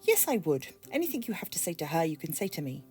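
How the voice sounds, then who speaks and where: Brief: controlling middle-aged mother, crisp and dismissive, read by a British woman, dark voice. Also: low-pitched, very animated, fast talker, soft background music.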